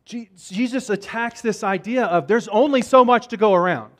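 High-voiced man preaching casually. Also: moderate pace. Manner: casual, repeats words and restarts. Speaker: pastor. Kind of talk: conversational sermon.

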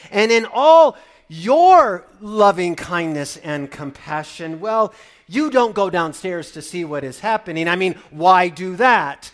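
A man and parent preaching a sermon, swinging from loud proclaiming to hushed wonder, with wry, playful storytelling. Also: high voice, expressive, slow. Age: adult parent. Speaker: pastor.

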